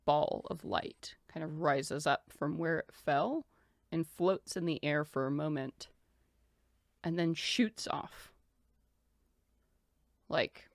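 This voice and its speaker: Woman game master, somewhat low voice, dry close sound, chatty scene narration. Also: gravelly, no echo. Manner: loose, descriptive, filler-heavy narration.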